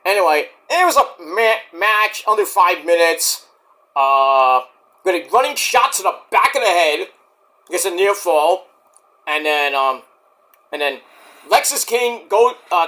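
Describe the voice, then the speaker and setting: Guy doing a wrestling recap, bright voice all over the place, gets loud and squeaky when hyped. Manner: animated, excitable, jumps into high-pitched outbursts and mock quotes. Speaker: wrestling show reviewer. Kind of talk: casual solo review vlog.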